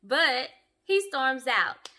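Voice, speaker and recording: A young woman giving sassy, animated commentary as she reviews a reality show for her viewers. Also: high voice, very slow. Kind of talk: casual commentary.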